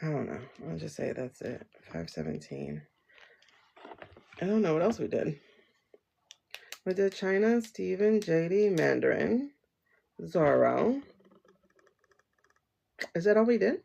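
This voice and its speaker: A woman's voice: fairly low pitch, very animated, measured pace, vocal fry, long pauses, warm tone, a little hiss or hum. A woman hosting a casual tarot livestream from home, rambling and chatty, laughing often as she talks to viewers through her phone.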